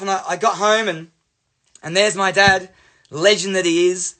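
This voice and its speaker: A young Australian man telling a personal story to camera in a chatty, animated way, full of "you know" and "like". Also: high voice, normal speed. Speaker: life coach.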